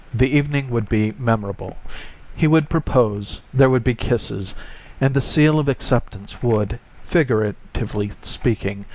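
A man reading a short story aloud as narrator, with measured, expressive storytelling. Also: lowish voice, muffled recording. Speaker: audiobook narrator. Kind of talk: scripted narration.

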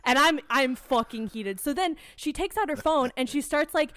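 A woman's voice: high voice, normal speed. A young woman telling an annoyed story in casual chat, swearing freely. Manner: swears a lot, animated storytelling.

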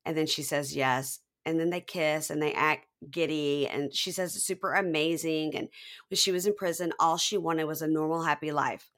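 A woman with a bright, forceful voice pitched a bit low, recapping a reality show in a podcast chat. She talks casually and slips into the voices of the people she describes. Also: moderate pace. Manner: animated, acts out quoted people. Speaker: podcast co-host.

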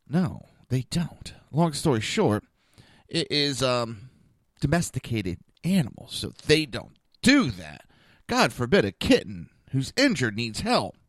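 A man's voice: medium pitch, unhurried, dry recording. Man, casual storyteller, exasperated, bouncy delivery, dead-dry recording. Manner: animated, exasperated, acts out dialogue.

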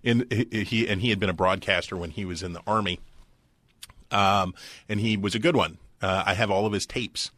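A man's voice: lowish voice, fairly even intonation, moderate pace, fairly bright tone, no room sound. A man co-hosting a podcast, talking in a casual, rambling way with folksy comparisons and a wry tone. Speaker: podcast co-host. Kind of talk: casual chat.

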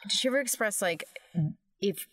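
A woman's voice: mid-range voice, expressive, normal speed, a bit bright, no echo. A woman co-hosting a casual chat, asking long, thoughtful questions.

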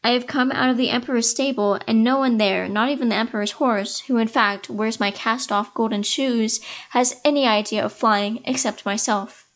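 A puffed-up, haughty little beetle with a sniffy, indignant way of talking, as a woman reading a fairy tale puts him on. The voice sits a little high. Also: fairly even intonation, moderate pace, natural voice. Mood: scornful. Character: conceited pompous male beetle.

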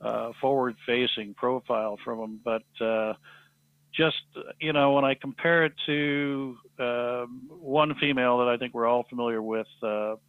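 A man, a podcast guest, telling a story in a halting, earnest way with many restarts. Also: medium pitch, steady tone, clean tone, no room sound. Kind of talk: storytelling in an interview. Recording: thin phone-like line, dry.

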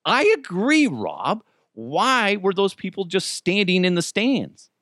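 A man hosting a solo commentary show, ranting with heavy swearing and swinging between loud outbursts and low muttered asides. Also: big pitch swings, slow pace, dry recording, studio quality. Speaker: show host.

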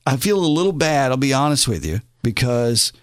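A man's voice: mid-range voice, very animated, a little fast. A man hosting a casual radio show about beer, jokey and chatty, speaking from a studio mic. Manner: jokey, chatty, with frequent fillers. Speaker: radio host.

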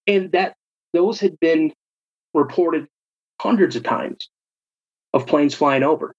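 Casting: young man, husky lo-fi storyteller, a bit high, animated. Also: moderate pace, pauses often. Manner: animated, acts out quoted friends. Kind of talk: casual personal storytelling. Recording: dull lo-fi recording.

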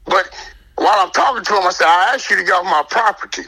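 A man telling an animated personal story as a guest, emphatic and indignant, acting out the dialogue. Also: high-pitched, fast, slightly rough, poor audio.

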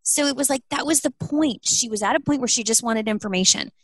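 Earnest animated woman, dry sound. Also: on the high side, a little fast, dry recording. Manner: earnest and animated, acts out quoted dialogue. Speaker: guest, small clothing business owner. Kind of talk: conversational interview answers.

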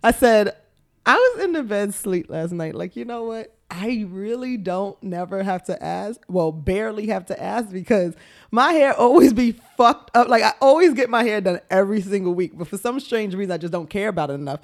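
Frank woman with a lively voice. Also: medium pitch, normal speed. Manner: frank and laughing, swears freely. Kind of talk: casual banter.

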